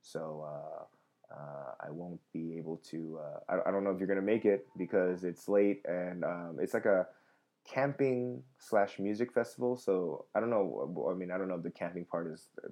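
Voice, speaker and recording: Low, mellow-voiced man chatting loosely. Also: normal speed. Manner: rambling, many fillers and restarts. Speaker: comedian hosting a livestream podcast. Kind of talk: casual live chat reading viewer comments.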